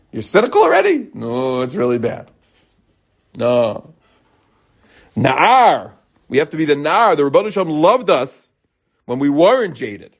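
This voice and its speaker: Animated husky rabbi in his forties. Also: mid-range voice. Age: 40s. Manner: animated, acts out quotes, mixes in Hebrew terms. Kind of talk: lively Torah talk.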